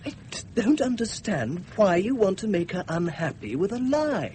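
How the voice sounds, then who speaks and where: A man's voice: high-pitched, sing-song, normal speed, a little mellow, slight background noise. An actor playing a polite, nervous teenage boy, eager and stammering, in 1950s radio drama style. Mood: awkward.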